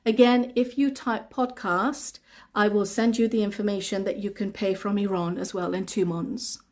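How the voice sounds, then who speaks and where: A woman's voice: mid-range voice, fairly even intonation, normal speed, a little mellow. A woman English teacher answering learners' questions on a live stream, reading their comments aloud and explaining things patiently with lots of repetition.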